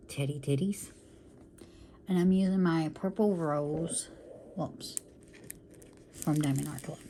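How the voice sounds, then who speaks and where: A woman speaks in a warm, low-pitched voice with slight background noise. She's casually chatting through a diamond painting session on her vlog, saying y'all to viewers and frequently stopping to apologize or murmur to herself.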